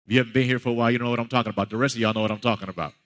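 A man's voice: medium pitch, fairly even intonation, racing, a bit bright, long reverb tail. A man preaching a sermon as a pastor, talking conversationally and building to emphatic peaks.

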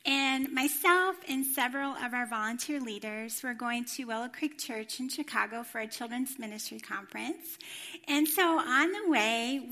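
A bright, high-pitched woman speaks from a church stage. She gives a sermon, tells a personal story with animated delivery and acts out the voices she quotes. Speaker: former children's ministry director, church speaker.

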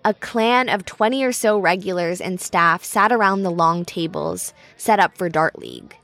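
A woman narrates a travel podcast in a scripted but conversational way. Her voice sits a little low and is recorded dry and close. Her storytelling sounds friendly. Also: normal speed, creaky, a bit bright, no room sound.

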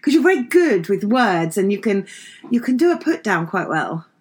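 A woman interviewing a friend in a relaxed, chatty, informal way. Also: medium pitch, moderate pace. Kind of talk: casual interview chat.

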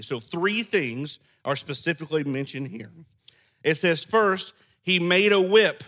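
Pastor, male, high bright voice, lively storytelling sermon with acted-out bits. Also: a little slow. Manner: animated, acts out scenes in character voices.

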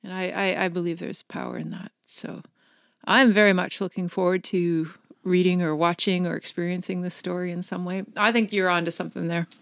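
A woman's voice: fairly low pitch, little pitch movement, brisk, no echo, clean studio sound. A woman hosting a casual interview, encouraging and appreciative toward her guest. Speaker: podcast host. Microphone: close podcast microphone.

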